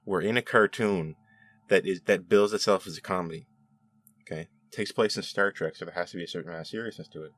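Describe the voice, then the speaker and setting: A man hosting a casual spoken review, chatty and animated, with frequent laughs and restarts. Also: sits low, fast. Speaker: show host reviewing episodes.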